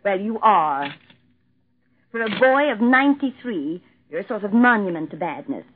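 An actress playing a firm, scolding, no-nonsense nurse in a radio drama. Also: female voice, mid-range voice, very animated, moderate pace, a little hiss or hum, close to an everyday voice. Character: brisk firm female nurse. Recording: phone-like lo-fi radio recording.

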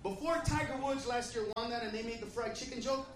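A man doing a brash, profane stand-up comedy set in a comedy club, shouting at the crowd. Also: very high voice, a little fast. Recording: echoey live club from a distance. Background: audience laughter.

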